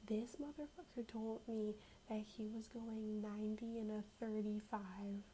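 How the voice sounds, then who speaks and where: A young woman telling a story in a soft-spoken ASMR style, casual and slangy, often slipping into a whisper. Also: medium pitch, steady tone, a little slow, a little hiss or hum, low-quality recording.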